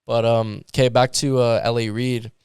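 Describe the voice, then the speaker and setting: Canadian musician guest, smooth yet gravelly voice, dry close sound, animated storyteller. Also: male voice, medium pitch, a little slow, no room sound. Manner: animated, filler-heavy with lots of "like". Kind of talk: casual storytelling.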